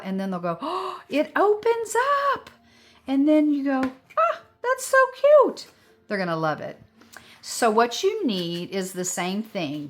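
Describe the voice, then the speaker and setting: A woman hosting a casual craft tutorial, explaining each step in a chatty way with many fillers. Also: fairly low pitch. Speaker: craft channel host.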